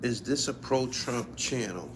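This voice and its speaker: On his own channel's livestream, this man swears freely and laughs often while spinning stories in a relaxed chat. He speaks a little slowly in a medium pitch, and there's noise in the background.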